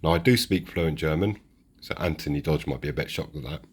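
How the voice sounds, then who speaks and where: A model railway channel host from the United Kingdom talks casually as he unboxes model trains, rambling and restarting sentences. He has a very deep voice with a breathy edge and speaks fairly quickly.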